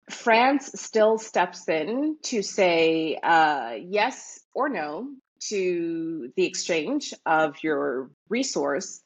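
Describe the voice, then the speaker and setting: A woman from Canada, a guest in an interview, who talks in a thoughtful, animated way with many fillers. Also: lowish voice, slightly rough. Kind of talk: casual interview talk.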